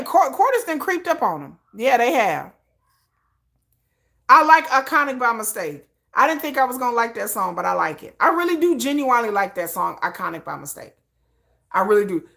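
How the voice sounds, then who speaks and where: A woman vlogger chatting casually about pop music in a slangy, animated way, full of asides. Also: a little high, moderate pace, creaky.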